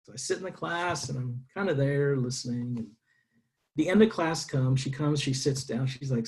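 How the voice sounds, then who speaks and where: A man's voice: mid-range voice, normal speed. A middle-aged man from San Diego telling his life story to an audience, acting out the voices in it. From San Diego, United States. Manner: animated storytelling, acting out dialogue. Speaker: speaker. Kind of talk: personal story talk.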